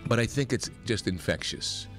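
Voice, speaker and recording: A man from New York hosting a talk radio show, delivering a rambling, opinionated monologue that gets more animated as he goes. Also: moderate pace, soft background music. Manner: animated, rambling, pitch climbs when worked up.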